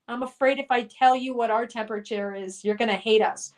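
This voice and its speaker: A woman's voice: on the high side, steady tone, fairly quick. A middle-aged woman hosting a livestream from home, reading viewers' chat comments aloud and running a guessing game. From Colorado. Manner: reads out chat messages and hosts a guessing game. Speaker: livestream host.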